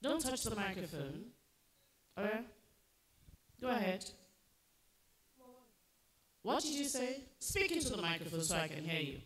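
Serving as pronouncer at a school spelling bee, a woman reads each word slowly and deliberately and firmly tells children when they've got it wrong. Her mid-range voice is fairly bright and very animated, heard in an echoey hall with faint noise.

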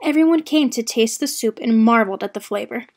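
A woman reads a children's story aloud in a church service. Her voice sits fairly high and her storytelling is expressive and animated. She shapes each line for young listeners. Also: a little fast.

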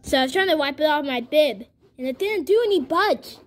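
A woman voicing a small, naive, earnest baby toy in a homemade toy story, telling its tale in a rambling, halting way with many restarts. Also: high voice, expressive. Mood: plain.

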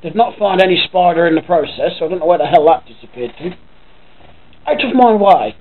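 This man from Norfolk, England, speaks with a Norfolk accent in a chatty home vlog recorded by his computer, casually swearing as he rambles. His pitch is fairly high, his pace quick, and the audio narrow and tinny.

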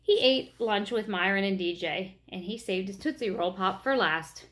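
A woman reads a children's story aloud, gentle and expressive, in a mid-range voice at normal speed.

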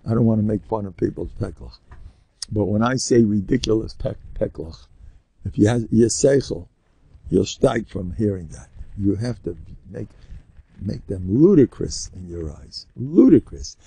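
A man's voice: lowish voice, expressive, normal speed, gravelly, dark tone, breathy edge. An older man, a rabbi giving an informal lecture, telling stories animatedly with rambling asides and Yiddish words sprinkled in.

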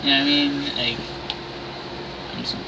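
A man narrates his own wrestling video game match in an animated way, cursing and complaining when the game goes against him. His voice sits a bit high. A clear air conditioner hum fills the background of the stream. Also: moderate pace, far from the mic. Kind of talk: livestream play-by-play commentary.

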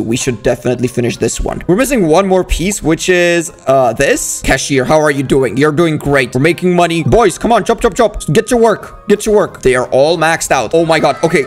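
Excitable young man narrating his gameplay. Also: a little high. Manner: excitable, talks to game characters, frequent exclamations. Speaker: gaming YouTuber. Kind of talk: casual gameplay commentary.

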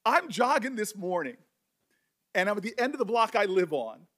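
Man, middle-aged, senator at a hearing, impassioned, halting, higher-pitched voice. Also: sing-song, fairly bright tone. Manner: emotional, impassioned, halting restarts. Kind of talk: speech at a hearing.

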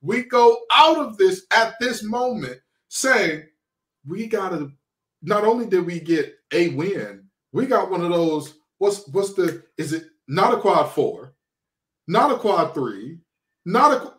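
Brief: excitable man on a sports podcast, higher voice, roomy echo. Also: measured pace. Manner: animated, preacher-like exhortations, playful trash talk. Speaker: podcast co-host, former college football player.

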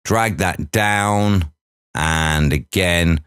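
A man's voice: low voice, extremely slow, a bit bright, clear, resonant tone, dry recording, clean studio sound. A man teaching audio editing, talking through each step aloud with chatty asides. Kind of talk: software tutorial walkthrough.

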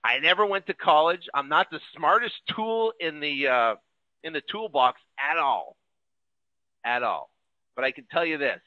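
Man from the US, real estate coach, high and lively delivery, slightly dull dry recording. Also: normal speed, dry recording. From United States. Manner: animated storytelling, acts out his own past fears. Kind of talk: motivational sales pitch.

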